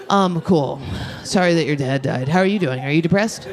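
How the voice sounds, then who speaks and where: A woman performing a brash, fast stand-up set, talking with the crowd on a club stage. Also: lowish voice, sing-song. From United States. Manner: brash, rapid, often shouting and laughing. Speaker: stand-up comedian. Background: audience laughter.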